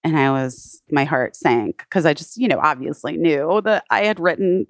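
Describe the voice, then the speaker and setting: Low-pitched woman, podcast guest, chatty storytelling full of "like", dry close sound. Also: lively intonation, normal speed, few pauses, no echo. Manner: frequent "like" fillers, retells others' words. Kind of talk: casual personal storytelling.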